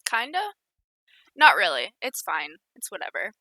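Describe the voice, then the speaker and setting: Giggly young woman streaming live, super bright voice, dry close sound. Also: medium pitch, huge pitch swings, unhurried, dry recording. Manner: bubbly, giggly, chatty. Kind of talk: casual live stream chat.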